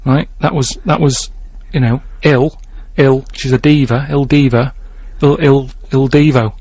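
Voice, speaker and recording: Man, radio quiz presenter, deadpan, rambling, halting, muffled studio sound. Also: mid-range voice, husky, no echo. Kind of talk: casual radio banter. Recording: dull, dry radio studio recording.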